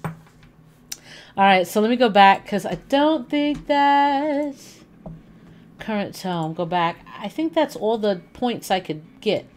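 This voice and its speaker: A livestreamer's medium-pitched voice comes through slowly, with faint hiss or hum behind it. Streaming a game from her living room, she keeps up a chatty, animated banter, thinking aloud while she plays.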